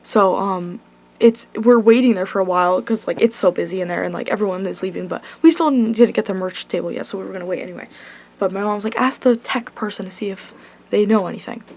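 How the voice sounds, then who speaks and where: A woman's voice: mid-range voice, quick pace, darkish tone. A young woman vlogger telling a concert story in casual, gushing talk, full of ums and likes and casual swearing. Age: young adult.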